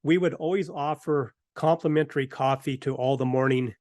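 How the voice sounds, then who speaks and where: A man's voice: fairly high pitch, moderate pace, no room sound, clean studio sound. A middle-aged man hosting a talk show, telling a casual anecdote and acting out what people said. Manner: animated anecdotes with acted-out quotes. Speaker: host. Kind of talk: casual storytelling.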